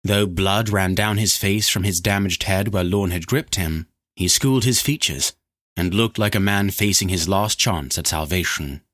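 A man narrating a fantasy novel chapter in a steady, dramatic storytelling manner. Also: deep voice, normal speed. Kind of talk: scripted audiobook narration.

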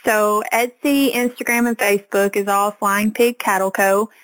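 A woman's voice: mid-range voice, fairly even intonation, moderate pace, fairly bright tone, poor audio. A woman farmer from Arkansas with a Southern accent, talking earnestly as a guest in a casual podcast interview. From Arkansas, USA.

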